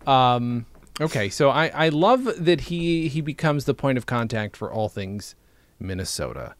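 A man co-hosting a casual podcast, animated and laughing often, sometimes dropping into low, quiet asides. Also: a little slow, no echo. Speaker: podcast co-host.

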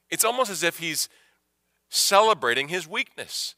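A man preaching a sermon as pastor, emphatic, repeating phrases and swinging from hushed to loud. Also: on the high side, very animated, a little slow, dry recording, clean studio sound.

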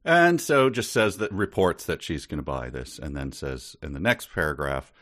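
A man's voice: rumbling low, expressive, moderate pace, a bit bright. A man co-hosting a podcast book discussion in casual chat, sarcastic and mock-indignant, laughing often. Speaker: podcast co-host.

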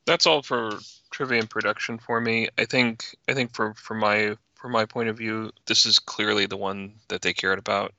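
A man's voice: lowish voice, sharp tone, no echo, lo-fi sound. A man co-hosting a casual podcast chat, explaining production details loosely with plenty of fillers. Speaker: podcast co-host.

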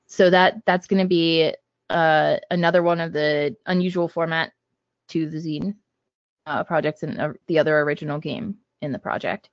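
A man, a game designer guest on a podcast, talking in a measured way with frequent ums. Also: a little high, fairly even intonation, clear, resonant tone, no room sound. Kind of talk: casual podcast chat. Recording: dull, dry lo-fi audio.

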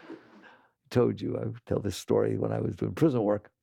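Male teacher, gravelly voice, dry close sound, emphatic storyteller who keeps asking "right?". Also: fairly low pitch, flat delivery, normal speed, warm tone, no echo. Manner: tells stories and acts out other people's lines. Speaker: spiritual teacher. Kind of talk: spoken teaching talk to an audience.

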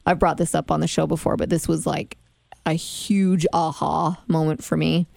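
A woman host with a gravelly, fairly low voice. She affirms her guest and shares her own reflections in a relaxed conversational way. Her tone is mellow and the recording is dry. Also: normal speed, no room sound. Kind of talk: conversational interview.

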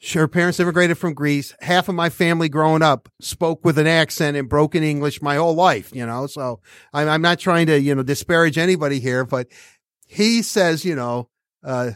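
A man with a fairly high voice hosts a casual sports podcast. He rambles and restarts his sentences often, and the sound is dry and close. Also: normal speed, a bit bright, no echo. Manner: rambling, many restarts, laughs while talking. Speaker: podcast host.

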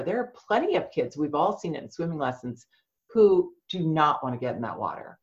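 A woman speech language pathologist, a guest on a podcast, explaining advice to parents in an expressive, warm way. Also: fairly low pitch, dull audio. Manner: warm, expressive explainer who acts out quoted voices.

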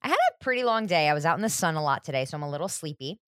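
A woman with a low voice co-hosts a podcast in casual chat. Her pitch swings widely as she trades dry, sarcastic jokes, and the recording sounds dry and close. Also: sing-song, very fast, a bit bright, no room sound. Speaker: podcast co-host.

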